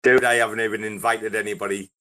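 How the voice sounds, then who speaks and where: A young man with a fairly low voice hosts a loose, unscripted crypto chat show. He rambles and swears constantly, with excitable banter aimed at his listeners. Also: quick pace. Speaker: host of a crypto breakfast show. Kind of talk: casual live audio chat.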